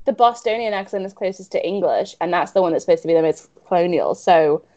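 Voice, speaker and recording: A woman's voice: on the low side, quick pace, mellow, muffled recording. A woman co-hosting a casual podcast who thinks aloud, hesitant and full of restarts. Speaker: podcast co-host. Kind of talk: casual chat.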